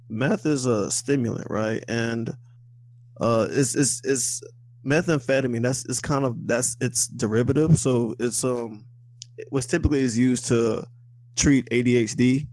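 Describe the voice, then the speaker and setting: A young man with a strongly gravelly, creaky voice at a middle pitch. He chats in a relaxed, slangy way. He often trails off and restarts. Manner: laid-back, hesitant, slangy. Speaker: podcast co-host. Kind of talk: casual chat.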